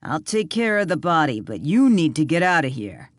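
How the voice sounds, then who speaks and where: A woman's voice: deep voice, very animated, normal speed, no echo, clean studio sound. A woman voicing a harsh, suspicious man who barks demands in an audiobook.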